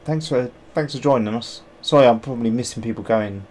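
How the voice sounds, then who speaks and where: A man's voice: mid-range voice, fairly quick, a little mellow, slight background noise. A man on a livestream, rambling and thinking aloud as he sculpts, joking at himself and greeting viewers. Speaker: sculptor streaming his work. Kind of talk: casual livestream chat while working.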